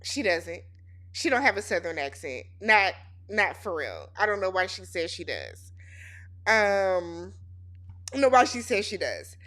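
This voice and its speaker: A woman's voice: mid-range voice, very animated, measured pace, sharp tone. A woman host giving a casual, sassy and blunt recap of a reality TV episode.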